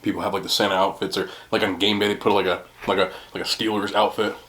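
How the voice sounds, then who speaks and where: Eating on camera in a roomy home setup, a young man keeps up a casual, self-mocking vlog chat full of laughter. He speaks fast in a lowish, fairly bright voice with little pitch movement, and there's a faint hiss or hum in the audio.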